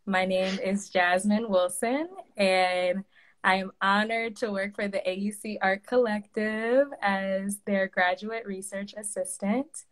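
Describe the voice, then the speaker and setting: A young woman in her twenties hosts a casual live video interview. Her voice sits at an ordinary middle pitch, and she talks in a friendly way with plenty of "um" and "like.". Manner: friendly, many fillers like um and like. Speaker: host, graduate student.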